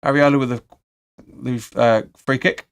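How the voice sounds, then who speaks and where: Smooth-voiced man commentating live. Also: medium pitch, steady tone, measured pace. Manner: chatty play-by-play, reads viewer comments, blunt opinions. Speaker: fan channel host. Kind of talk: live match watch-along commentary.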